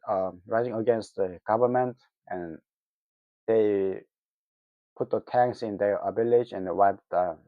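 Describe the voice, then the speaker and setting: A man from North Korea with a North Korean accent, speaking English as a second language in a casual opinion monologue, halting with many fillers and breaking into heated, mocking asides. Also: medium pitch, gravelly, no room sound. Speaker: vlogger. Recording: dull lo-fi dry recording.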